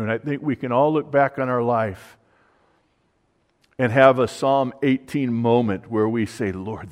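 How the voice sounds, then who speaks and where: A man's voice: medium pitch, darkish tone. A man preaching a conversational sermon on a psalm, dropping his voice for the quoted prayers. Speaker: pastor. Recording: long hall reverb.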